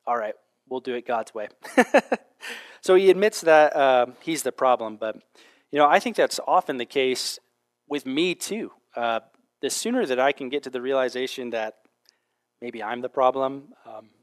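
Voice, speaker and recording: Male pastor, mid-pitched voice, casual storytelling sermon with Bible reading. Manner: conversational storytelling with frequent fillers.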